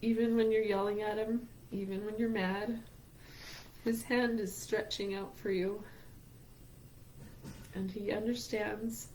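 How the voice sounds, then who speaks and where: An earnest woman co-hosts a heartfelt talk about grief and speaks from a faith-based outlook. Her voice sits in a middle pitch, and at times she grows tearful as she shares. Faint noise hums underneath. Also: flat delivery, slow, darkish tone, rough recording. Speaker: podcast co-host.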